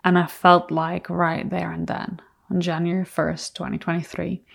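Earnest female podcast host, lower voice with plenty of vocal fry, reflective storytelling. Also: completely flat delivery, moderate pace.

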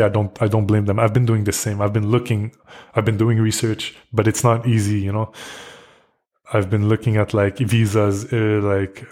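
A man's voice: on the low side, a little mellow. A young man from Quebec, hosting a podcast and delivering an angry, profanity-laced solo rant full of restarts and repetition. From Quebec, Canada. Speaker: podcast host.

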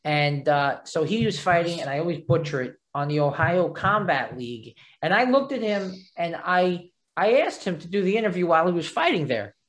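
An interviewer with a New York accent, chatting casually and filling pauses with "uh" and "um". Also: mid-range voice, big pitch swings. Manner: halting, with many "uh" and "um" fillers.

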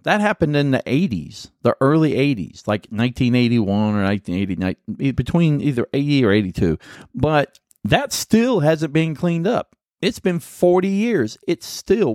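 A man's voice: medium pitch, no room sound, studio quality. A man hosting a podcast, giving a rambling, sarcastic political monologue full of self-corrections. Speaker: podcast host.

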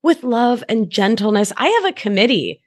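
Lively, effusive woman coach. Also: a little high, moderate pace. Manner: warm, effusive and playful, swings between soft and exclaiming. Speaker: wellness and somatics coach, podcast guest. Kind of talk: casual podcast conversation.

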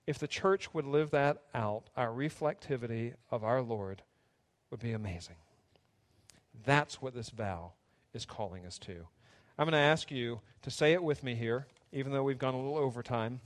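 A man's voice: medium pitch, normal speed. A man preaching a sermon as pastor, earnest and preacherly, in a church sanctuary. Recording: long hall reverb.

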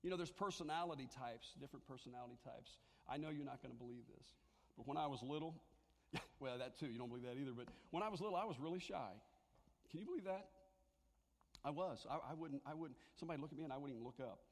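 The big-room sound of a church sanctuary surrounds this pastor, a man with a mid-range voice who speaks quickly. His sermon comes across as a conversation with the congregation, complete with jokes shared with them.

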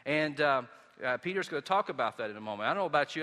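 A man's voice: on the high side, lively intonation, rapid-fire, sharp tone. Southern man preaching in a reverberant hall. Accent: Southern American. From Southern United States. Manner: conversational storytelling with many restarts. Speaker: pastor. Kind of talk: sermon.

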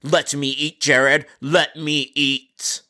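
A man voicing a pompous, indignant pizza customer who drags out his complaints slowly. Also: medium pitch, bright, forceful tone, natural voice. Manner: slow, indignant, drawn-out.

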